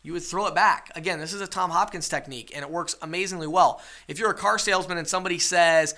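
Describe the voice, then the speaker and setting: Bright, high-voiced male sales trainer. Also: fast talker, few pauses. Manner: coaching, checks in with rhetorical questions. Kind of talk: webinar sales lesson.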